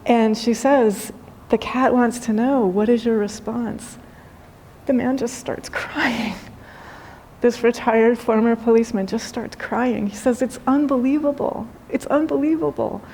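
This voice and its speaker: A woman, a spiritual teacher, giving a gentle, unhurried talk with storytelling and soft emphasis. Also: a little high, fairly even intonation, a little hiss or hum. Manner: gentle, unhurried, softly emphatic, with light laughs. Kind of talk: spoken dharma talk with storytelling.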